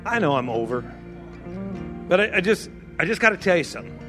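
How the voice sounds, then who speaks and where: A man's voice: high-pitched, very animated, a little fast. A man in his fifties preaching a sermon, urging the congregation on with fervent, repetitive exhortations and direct asides to listeners, over faint music. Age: 50s. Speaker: pastor. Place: church sanctuary.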